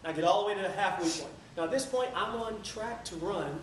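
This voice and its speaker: A man telling a marathon story as a lively motivational speech at a club meeting. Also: high voice, brisk. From Tampa area. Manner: energetic storytelling, sings a few lines. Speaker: public speaker. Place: meeting room. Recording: echoey room from far off, faint noise.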